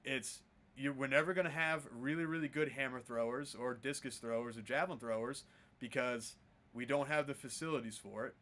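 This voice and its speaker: A man with a bright, mid-pitched voice talks as a throws coach on a casual podcast. He is earnest and reasons things out step by step. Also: fairly even intonation, fairly quick.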